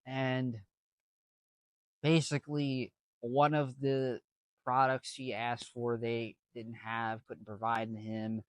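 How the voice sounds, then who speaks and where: A man's voice: medium pitch, little pitch movement, takes it slowly, smooth, dry recording. A young man casually telling a story, rambling with lots of fillers and restarts. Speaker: vlogger.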